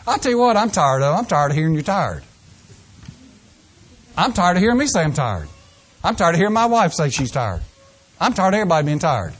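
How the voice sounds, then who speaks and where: A man's voice: on the high side, very animated, fairly quick, pauses often, breathy edge. Folksy older man preaching a sermon. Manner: folksy, acts out excuses in mock voices.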